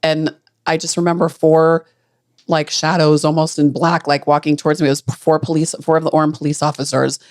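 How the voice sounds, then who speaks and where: A middle-aged woman, a grieving mother, recalling a painful day in halting, earnest speech with frequent restarts. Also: low-pitched, flat delivery, no echo, studio quality. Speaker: grieving mother, podcast guest. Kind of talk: emotional personal recollection.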